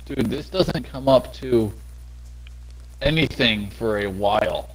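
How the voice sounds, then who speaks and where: A man's voice: medium pitch, slow pace, slightly rough, rough recording. A man with a Southern US accent, chatting bluntly and swearing as a co-player in a video game. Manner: blunt, sweary, easily irritated. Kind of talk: casual gameplay chat.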